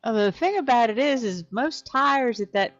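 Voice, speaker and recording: A woman chatting softly in a hobby group and laughing easily. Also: on the high side, lively intonation, normal speed, dry recording. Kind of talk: casual group chat. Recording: dull lo-fi sound.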